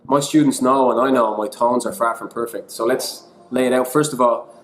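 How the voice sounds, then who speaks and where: An Irish man who teaches English online gives a casual, chatty lesson, poking fun at himself and slipping in bits of other languages. His voice is medium-pitched and steady at a moderate pace, recorded in an echoey room with a little hiss or hum.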